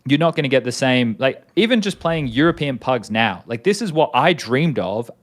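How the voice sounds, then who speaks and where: A man's voice: mid-range voice, expressive, normal speed. An Australian man in his thirties, chatting casually as an interview guest, rambling with many restarts.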